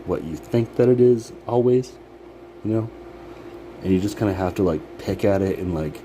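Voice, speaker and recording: Low-voiced man rambling, laughing, swearing. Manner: rambling, profane, laughs often. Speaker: vlogger. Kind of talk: casual motivational monologue. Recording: background noise, air conditioning hum.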